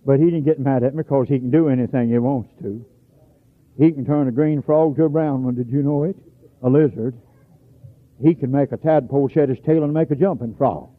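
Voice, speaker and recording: A man preaching a sermon, telling stories in a folksy way and breaking into shouts. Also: medium pitch, a little fast. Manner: folksy storytelling, bursts into shouts. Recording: tinny phone-like radio recording.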